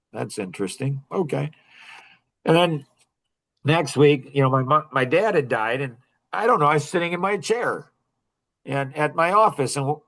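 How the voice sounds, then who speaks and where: A man's voice: fairly high pitch, gravelly, a bit bright. A man in his sixties telling a personal story in a rambling, self-interrupting way, laughing now and then. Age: 60s. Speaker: podcast guest. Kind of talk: casual storytelling.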